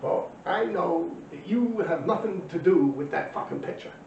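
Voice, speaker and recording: A man's voice: fairly high pitch, animated, moderate pace, gravelly, a little mellow, slight background noise. Swearing New man telling old stories. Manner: heavy swearing, slangy and blunt; loose and rambling, many fillers. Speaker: former graffiti writer telling his story. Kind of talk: casual storytelling monologue. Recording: dull, roomy, distant recording.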